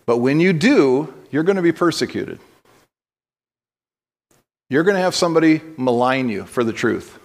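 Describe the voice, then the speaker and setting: A man's voice: fairly high pitch, sing-song, normal speed, gravelly, pauses often. A man preaching a sermon as pastor, telling stories conversationally and breaking into blunt exhortations, with frequent restarts.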